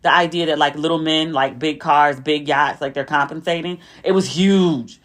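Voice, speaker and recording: A woman's voice: low-pitched, moderate pace. Chatty woman podcast host recapping. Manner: chatty, animated retelling with asides to listeners. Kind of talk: casual storytelling recap.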